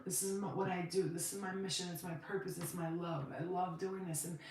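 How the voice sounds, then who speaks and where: A woman's voice: on the low side, fairly even intonation, fairly quick, darkish tone. A woman giving a casual spiritual reading, emotional and emphatic, swearing freely as she talks. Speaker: tarot card reader. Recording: very echoey room, mic far off, noisy.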